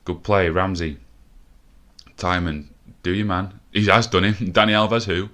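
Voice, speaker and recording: A young man commentating a football video game live, a bit out of breath and swearing often, shouting when the action peaks. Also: low-pitched, fairly even intonation, unhurried. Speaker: gaming commentator.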